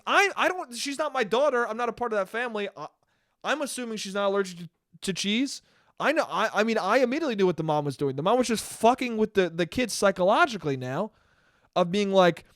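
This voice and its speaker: A man's voice: high-pitched, expressive, quick pace, a bit bright, no echo, clean studio sound. A man hosting a solo podcast and telling a rambling story, cursing often and restarting his sentences. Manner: profane, rambling, with many restarts. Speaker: podcast host.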